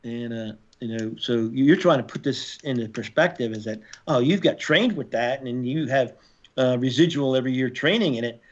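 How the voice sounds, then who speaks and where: A man in his sixties, a former Marine and podcast guest, telling war stories in a casual, profane way and shouting out reenacted orders. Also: mid-range voice, moderate pace. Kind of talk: casual storytelling interview. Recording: slightly dull podcast audio.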